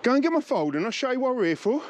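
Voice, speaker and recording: High-pitched brash prank host. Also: male voice, rapid-fire, a little hiss or hum. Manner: brash, insistent, repeatedly urging calm. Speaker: prank show host posing as repo agent. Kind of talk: hidden-camera prank banter. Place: outdoors on a residential driveway.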